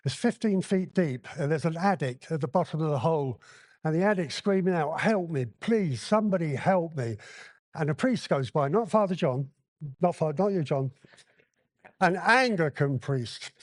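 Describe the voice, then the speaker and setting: Male convention speaker, slightly high pitch, dry close sound, candid anecdotal delivery. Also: expressive, normal speed, no room sound. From Hong Kong. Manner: blunt, candid storytelling with acted-out dialogue. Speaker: recovery meeting speaker. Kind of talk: personal recovery share at a convention. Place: convention hall.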